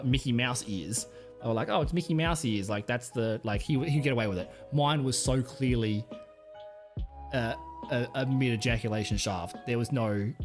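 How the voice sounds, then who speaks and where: A man from Australia with an Australian accent, rambling crudely on a casual livestream and laughing often. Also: medium pitch. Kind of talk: casual stream chat.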